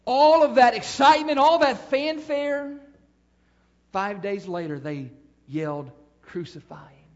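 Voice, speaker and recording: A man's voice: extremely high pitch, muffled recording. A male pastor delivering a sermon, with an emphatic, rising and falling preaching cadence and repeated phrases.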